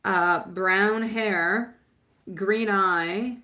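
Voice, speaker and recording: A woman's voice: mid-range voice, steady tone, very slow, pushed and bright. A woman reading tarot on a live stream, chatting with viewers and calling them sweetie and my love. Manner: chatty, rambling with fillers. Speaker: tarot reader.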